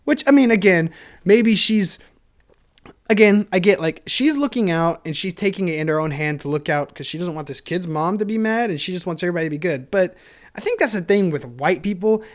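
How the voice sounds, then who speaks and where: A young man hosting a solo podcast, rambling in a self-deprecating, energetic way and laughing often. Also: sits high, fairly quick. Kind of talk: rambling casual monologue.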